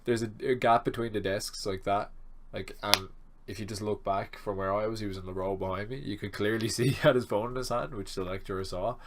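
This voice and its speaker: A young man in his twenties telling a rambling, animated storytime vlog, swearing freely. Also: on the low side, a little fast, a little hiss or hum. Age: 20s. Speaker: student vlogger.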